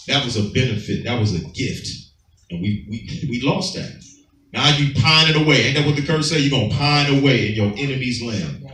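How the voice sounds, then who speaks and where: In a roomy recording made far from the mic, with slight background noise, a man with a mid-range, fairly bright voice leads a Sabbath class. He preaches scripture commentary emphatically and in a streetwise style, often checking whether his listeners follow.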